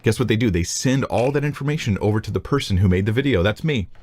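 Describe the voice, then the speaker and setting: A man's voice: lowish voice, expressive, fast, darkish tone. A male YouTuber explaining a process step by step to his viewers. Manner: methodical, explanatory.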